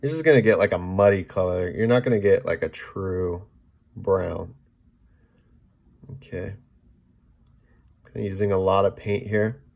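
A man with a low, gravelly voice walks through a painting demo in a relaxed, chatty way. He keeps checking in with "okay?" and lets his words drift quieter as he focuses on mixing paint. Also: unhurried, pauses often. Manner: talks while mixing paint, trailing off softly. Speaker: painting instructor. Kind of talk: casual painting demonstration.

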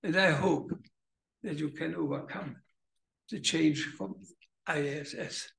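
An older German-accented man speaks very slowly in a gravelly, creaky voice, halting as he searches for English words. His conference welcome rings through an echoey hall. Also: fairly high pitch, a bit bright. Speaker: guest speaker.

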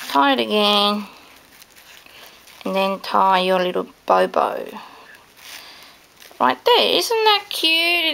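An adult woman with children walks through sewing steps in a casual home tutorial, gushing over her handmade dolls with plenty of fillers. Her voice is a little high, creaky, and fairly bright.

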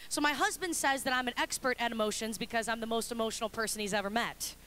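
Lively high-voiced woman pastor. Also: fast, slight background noise. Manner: animated, humorous storytelling. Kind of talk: sermon.

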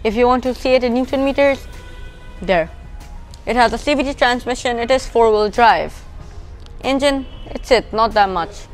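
A woman with a Bangladeshi English accent giving a casual walkaround car review outdoors, explaining features as she points them out, her voice drifting from the camera mic as she moves. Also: on the high side. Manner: chatty, explanatory, points things out as she goes. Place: outdoors beside a parked car.

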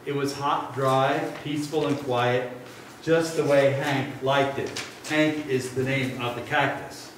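A man leading a children's message at a church service, speaking gently and playfully to a young child and telling a story. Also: mid-range voice, fairly even intonation, slow, recorded from a distance, a little hiss or hum. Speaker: pastor. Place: church sanctuary. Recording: echoey sanctuary, mic from afar.

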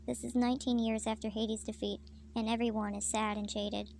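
A woman reading a parody fanfiction aloud in a deadpan, flat way. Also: a little high, a little fast, a little hiss or hum. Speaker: fanfiction reader.

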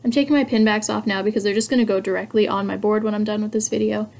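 Excitable young woman unboxing pins. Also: mid-range voice, quick pace, vocal fry. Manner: excitable, chatty, thinking aloud. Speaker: hobby vlogger. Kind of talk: casual unboxing chat.

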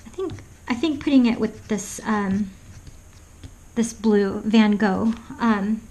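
A woman's voice: medium pitch, slow, a little mellow, a little hiss or hum, rough recording. A woman chatting casually while demonstrating a painting, rambling and hesitant with many ums, often dropping to a whisper and laughing at her own jokes. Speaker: art vlogger.

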